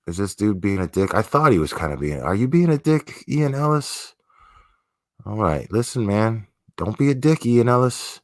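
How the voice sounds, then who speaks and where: Chill guy streaming, swears a lot, kinda low voice, dry close sound. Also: very animated, normal speed, no echo. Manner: profane, laid-back, slangy, talking to chat. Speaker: livestream host. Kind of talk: casual livestream chat.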